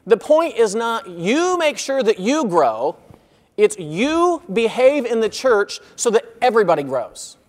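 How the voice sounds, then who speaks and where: A man preaching an expository sermon as pastor, earnest, growing loud when reading scripture and quiet on asides. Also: very high-pitched, very animated, measured pace, long reverb tail.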